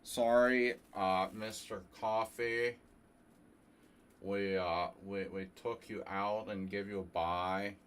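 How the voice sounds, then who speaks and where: A man impersonating a gruff old male chess tournament director, making slow, loud, drawling announcements. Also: on the low side, fairly even intonation, slight background noise. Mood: announcing.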